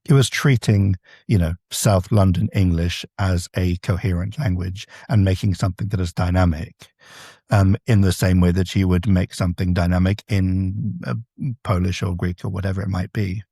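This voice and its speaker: Man, low gravelly voice, husky and dark, translator in a podcast interview, explains with examples. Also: steady tone, moderate pace, no echo, studio quality. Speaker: translator guest.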